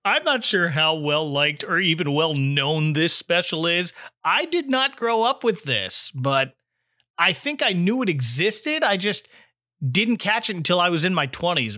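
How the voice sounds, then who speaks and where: Bright, playful male podcast host. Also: high voice, no room sound, clean studio sound. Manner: playful, teasing introductions. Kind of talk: jokey scripted podcast intro, then casual chat.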